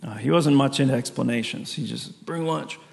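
Male pastor, conversational sermon, gravelly tone, mid-range pitch, recorded in a church sanctuary. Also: a little fast. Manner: conversational storytelling with frequent laughs. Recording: long reverb of a large hall.

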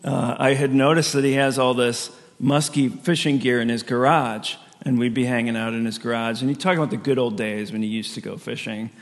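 Male pastor, conversational sermon, gravelly tone, mid-range pitch, recorded in a church sanctuary. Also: fairly even intonation, fairly quick, few pauses. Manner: conversational storytelling with frequent laughs. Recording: long reverb of a large hall.

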